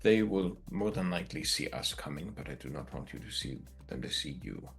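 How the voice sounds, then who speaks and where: A man playing a tabletop game, laying out plans in character in a deliberate way. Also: rumbling low, expressive, gravelly, faint music behind. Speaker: player.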